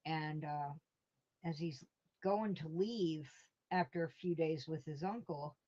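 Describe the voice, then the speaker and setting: A woman hosts a laid-back live stream, telling rambling stories and reading out her chat with easy chuckles. Her voice is fairly low and her pace slow. The audio is dull and lo-fi. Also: mellow.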